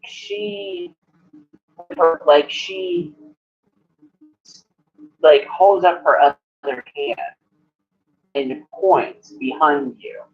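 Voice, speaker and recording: A man narrating as game master in a halting way, filling gaps with "like". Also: a little high, soft background music. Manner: halting, many "like" fillers. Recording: muffled lo-fi recording.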